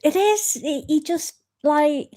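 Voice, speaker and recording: A woman's voice: high voice, slow, warm tone. A woman co-hosting a casual football podcast chat, wry and chatty, laughing easily. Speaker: podcast co-host.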